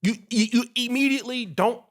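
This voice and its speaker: A man hosting a podcast who tells stories in casual chat, animated and swearing freely while acting out what people said. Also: extremely high pitch, fairly quick. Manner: animated, acts out quoted dialogue, swears freely. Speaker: podcast host.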